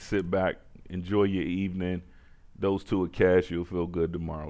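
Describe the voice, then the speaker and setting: A man's voice: low-pitched, level tone, normal speed, darkish tone. A man hosting casual sports betting picks, laid-back and repeating himself as he talks to viewers.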